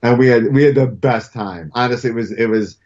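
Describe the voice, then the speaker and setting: A middle-aged comic book writer, appearing as a guest in casual conversation, tells stories animatedly, often stammering and restarting his sentences. He speaks at a medium pitch, fairly quickly, with a darkish tone, and the recording has a dull lo-fi quality.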